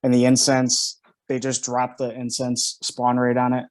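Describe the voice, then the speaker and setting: A man as a podcast guest in casual chat, relaxed and hesitant with fillers. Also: mid-range voice, unhurried, dry recording.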